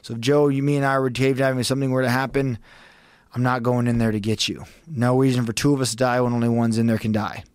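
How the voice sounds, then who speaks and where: A man's voice: medium pitch, little pitch movement, fast, a little mellow, smooth, no room sound. A man guest on a podcast, telling a story in a casual, profane, intense way and reliving it vividly.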